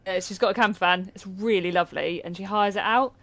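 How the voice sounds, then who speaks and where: British woman co-host, chatty storyteller, quick to laugh, mid pitch. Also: fairly even intonation, fairly bright tone. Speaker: podcast co-host. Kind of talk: casual chat.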